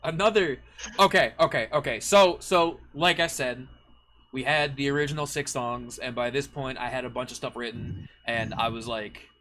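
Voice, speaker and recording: Bright-voiced man musing reflectively. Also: mid-range voice, moderate pace, a little hiss or hum. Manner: rambling, reflective, many fillers. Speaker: songwriter, stream co-host. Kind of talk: casual chat.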